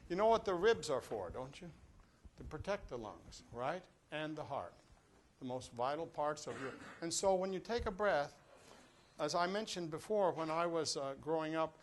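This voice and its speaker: Older guy running a master class, pretty high voice, jokey and hands-on, a little background noise. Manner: lively, joking, coaching a group through breathing exercises. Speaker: brass clinician teaching a master class. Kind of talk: live master class instruction to students. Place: classroom or rehearsal room with a live audience.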